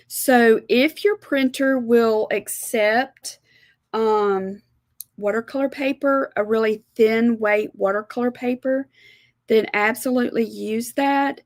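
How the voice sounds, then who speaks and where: Slow-talking Southern woman teaching painting. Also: on the high side, steady tone, no echo, studio quality. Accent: Southern American. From South Alabama, USA. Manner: chatty, homey, explains step by step. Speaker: art instructor. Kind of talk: live watercolor demonstration.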